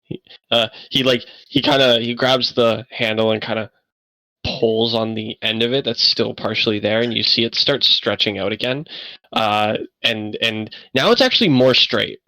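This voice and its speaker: Bright-voiced man narrating as game master. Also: medium pitch, dry recording, poor audio. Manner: halting, rambling narration. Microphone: online voice chat.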